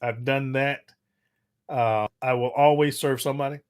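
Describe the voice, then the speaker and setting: A man's voice: medium pitch, steady tone, normal speed, clean tone. A middle-aged man hosting a casual livestream, reading viewer comments aloud and answering them with loose, crude jokes and frequent laughter. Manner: loose and joking, crude humor, laughs often. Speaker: livestream host reading chat.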